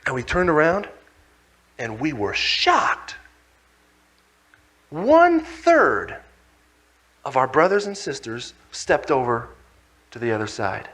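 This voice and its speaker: A man giving an animated religious talk, telling a story in a dramatic, energetic way. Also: fairly high pitch. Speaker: speaker.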